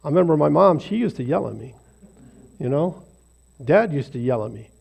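Gravelly, mellow man giving a devotional. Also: fairly high pitch, expressive, fairly quick. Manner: rambling, self-deprecating, conversational. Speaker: lay speaker leading a devotional. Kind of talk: informal devotional talk. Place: small group gathering.

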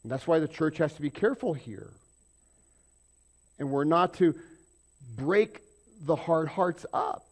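A man preaching a conversational sermon, jumping from loud emphatic bursts to quiet asides. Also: a little high, expressive, unhurried, long pauses. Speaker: pastor.

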